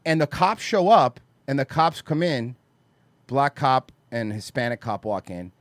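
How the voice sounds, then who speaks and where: Animated, cursing male podcast host. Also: medium pitch, measured pace, dry recording. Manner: profane, animated storyteller who acts out quotes. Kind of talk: casual podcast chat.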